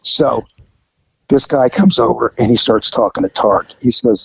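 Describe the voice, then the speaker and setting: Husky older man telling a story. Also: mid-range voice, a little slow, poor audio. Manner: animated storyteller who acts out quotes. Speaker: retired police officer. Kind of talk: storytelling in casual chat.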